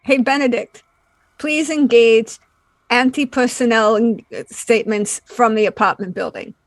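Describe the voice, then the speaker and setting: A tabletop game player eagerly lays out her character's actions at a middle pitch. The voice is recorded close and dry, with no room sound around it. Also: unhurried, no room sound. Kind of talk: tabletop role-play chat.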